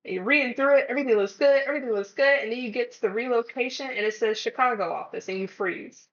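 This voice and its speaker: A woman's voice: a little high, fast, lo-fi sound. A woman talking casually to camera in an advice vlog, chatty and conversational, acting out little scenes as she explains. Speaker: vlogger.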